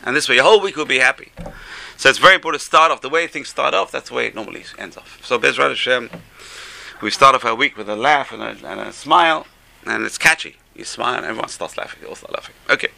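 A rabbi teaches a Torah class in a gravelly, mid-range voice that sounds sharp and bright, speaking quickly with animated, exclamatory energy. He sinks to near-murmured asides, then climbs back up to loud, emphatic points.

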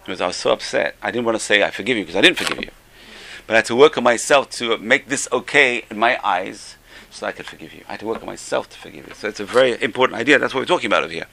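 This older Torah teacher speaks very fast in a lowish, creaky voice, with slight background noise present. Giving an informal Musar class, he keeps it conversational, repeats key phrases, and gets louder for emphasis.

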